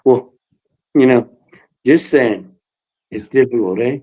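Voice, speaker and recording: An older man shares a story about his family on a live talk stream. He speaks haltingly and with feeling, restarting sentences and filling pauses as he goes. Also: mid-range voice, mellow, low-quality recording. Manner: emotional, halting, rambling with many fillers. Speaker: guest. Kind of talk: emotional personal story on a livestream.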